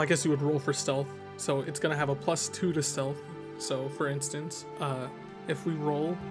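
Chatty man with music underneath. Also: on the high side. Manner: relaxed, chatty, frequent fillers like "like" and "uh". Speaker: podcast host presenting a tabletop monster. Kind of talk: casual explanatory talk about game design. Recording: music bed behind the voice.

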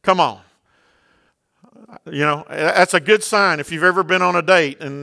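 Male preacher, emphatic sermon delivery with rhetorical questions, high and raspy-gravelly. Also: measured pace, long pauses. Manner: emphatic, with loud bursts. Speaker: pastor.

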